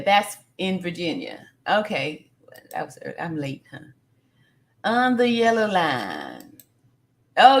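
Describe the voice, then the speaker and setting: A woman's voice: a little high, a bit bright. A woman hosting a casual live stream, reading viewer comments aloud and repeating phrases for emphasis, with plenty of fillers.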